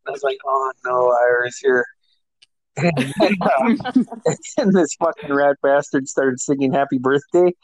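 A man's voice: on the high side, measured pace, darkish tone, slightly rough, no room sound, low-quality recording. Laughing, profane man telling a story. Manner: profane, laughing storyteller who acts out quoted voices. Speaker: older brother telling a story. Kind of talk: casual storytelling chat.

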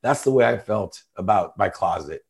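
A man's voice: lowish voice, lively intonation, normal speed, gravelly, slightly rough. A middle-aged man, a podcast guest, telling a personal story in an earnest, confessional way.

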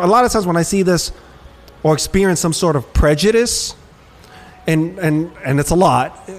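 A man hosting a podcast, telling personal stories in a candid, rambling way with frequent restarts. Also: fairly high pitch. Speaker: podcast host. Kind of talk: casual chat.

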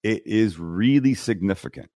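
A man's voice: lowish voice, normal speed, no echo, studio quality. A middle-aged man, a cooking show host, telling stories bluntly and acting out the people in them during a casual interview. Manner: blunt, animated storyteller who acts out dialogue. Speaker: TV and YouTube cooking host, guest. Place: podcast studio. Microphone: studio microphone.

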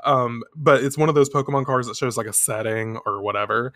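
A podcast host recapping a story in casual chat, excitable and profane, laughing often and acting out quotes. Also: mid-range voice, fairly quick, no echo.

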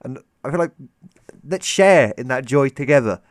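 A man's voice: mid-range voice, expressive, moderate pace, dry recording, clean studio sound. A man co-hosting a podcast in casual chat, emphatic and laughing, swearing freely. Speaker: podcast co-host.

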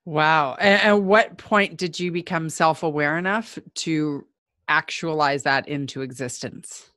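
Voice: mid-range voice, measured pace, bright, forceful tone, no room sound, studio quality. An interview host reacting supportively and searching for words mid-thought. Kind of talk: conversational interview.

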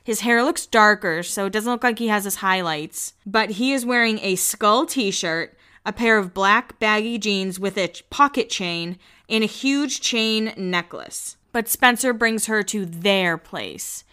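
A woman's voice: mid-range voice, expressive, measured pace, pushed and bright, smooth. A woman hosting a casual recap podcast, talking in a chatty, gossipy, playful way. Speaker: podcast host.

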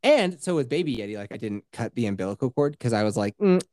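A man's voice: medium pitch, expressive, quick pace, a little mellow, no room sound, clean studio sound. A man telling a story in casual chat, swearing freely and acting out the quotes.

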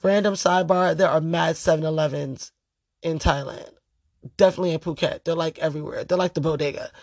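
Brief: a profane, emphatic storyteller talking straight to camera at a mid pitch, with a dry, close sound. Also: steady tone, brisk, darkish tone, no echo. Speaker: storytelling vlogger. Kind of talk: casual storytime monologue.

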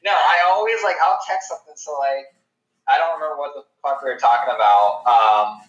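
A man's voice: medium pitch, a little fast, a bit bright, reverberant, muffled recording. A man co-hosting a casual running podcast over a video call, joking loosely and swearing. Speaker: podcast co-host. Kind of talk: casual chat.

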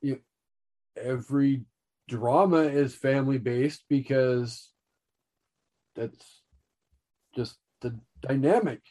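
Slow-talking man podcast co-host. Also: mid-range voice, dark tone. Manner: emphatic, repeats "literally" and "like". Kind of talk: casual chat.

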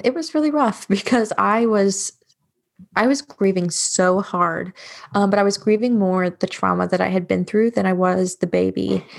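A woman's voice: mid-range voice, gravelly, darkish tone. A woman guest on an interview podcast, telling a hard personal story in a frank, matter-of-fact way with frequent fillers. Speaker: guest, bereavement doula.

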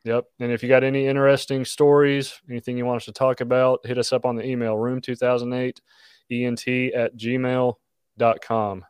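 A man hosting a casual podcast, reading out the show's plugs in a relaxed way with plenty of filler words. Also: medium pitch, a little fast, clear, resonant tone, no room sound. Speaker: podcast host. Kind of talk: casual chat.

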